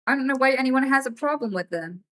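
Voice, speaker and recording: A woman's voice: high-pitched, fast. A woman live-streaming from home, telling a casual story to her chat in an emphatic way, with plenty of swearing. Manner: emphatic and swearing, animated as she tells a story.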